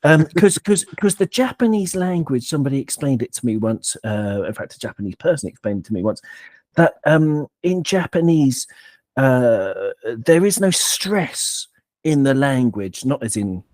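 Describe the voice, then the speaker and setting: Lively, animated male podcast host. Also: medium pitch, moderate pace, dry recording, clean studio sound. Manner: animated, digressive, playful. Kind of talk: casual football chat.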